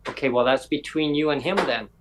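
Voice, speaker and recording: A man's voice: on the high side, brisk, noisy background. A man hosting a podcast, telling a long story in casual chat and acting out other people's lines in quoted voices. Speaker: podcast host.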